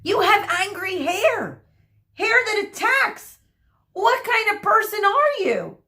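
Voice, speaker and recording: A woman voicing a vain, excitable male hairdresser in a storybook read-aloud, with shrill, theatrical outbursts. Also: takes it slowly, heavily acted. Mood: indignant. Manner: shrieking, theatrical, high-pitched outbursts.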